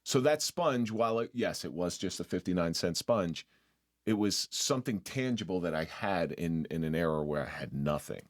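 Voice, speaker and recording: A man's voice: low-pitched, lively intonation, moderate pace. A middle-aged man hosting a podcast in casual conversation. He jokes and teases, and often restarts his sentences. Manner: joking, teasing, with frequent restarts. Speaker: podcast host.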